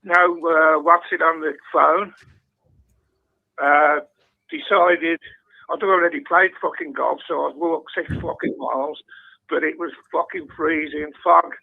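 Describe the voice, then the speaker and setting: A man's voice: fairly high pitch, steady tone, unhurried, creaky. A man calling into a phone-in show, telling a rambling story with heavy swearing. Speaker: caller. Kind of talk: phone-in call. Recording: phone line.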